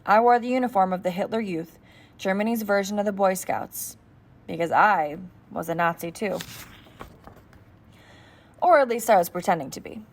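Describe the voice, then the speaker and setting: A woman's voice: medium pitch, normal speed, pauses often. A woman narrating an audiobook steadily in the first person as a boy.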